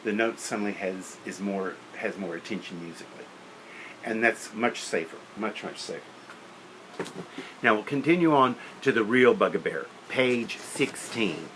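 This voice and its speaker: A man's voice: on the low side, moderate pace, fairly bright tone, slight background noise, poor audio. A man lecturing on teaching beginner band, practical and opinionated, counting and singing rhythms aloud. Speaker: music teacher.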